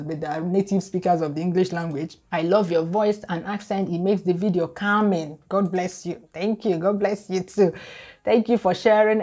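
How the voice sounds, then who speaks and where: A woman's voice: medium pitch, mellow. A middle-aged Nigerian woman with a Nigerian accent who talks to camera on her channel, earnest and careful. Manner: earnest, slow and careful, reading out viewer comments. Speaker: YouTube creator. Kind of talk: talking to camera.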